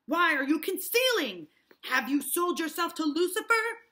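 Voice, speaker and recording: A woman's voice: extremely high pitch, big pitch swings, normal speed, pushed and bright, voice pushed up, exaggerated voice. A woman doing a stern, probing minister. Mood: interrogating. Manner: insistent, probing questions. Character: stern male minister interrogating girls.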